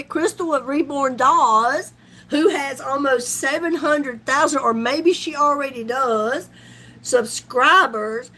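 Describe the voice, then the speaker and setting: A middle-aged woman, chatting on a live stream with folksy slang and frequent laughter. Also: high voice. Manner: laughs often, folksy and loud, down-home slang. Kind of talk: casual live-stream chat.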